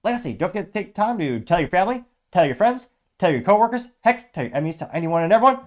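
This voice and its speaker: A man hosting his own political commentary show, reading out viewer comments in a rapid, blunt and sarcastic way while running on lots of coffee. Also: high-pitched, big pitch swings. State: over-caffeinated. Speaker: host.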